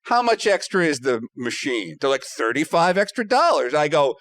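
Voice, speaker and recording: A man with a high, lively voice swoops up and down as he tells a comic story on a podcast. He acts out each character in the exchange and swears casually. The sound is dry and close, like a studio mic. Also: normal speed, few pauses, no room sound. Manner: animated, acts out both sides of dialogue, swears freely. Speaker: podcast guest. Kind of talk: comedic anecdote storytelling.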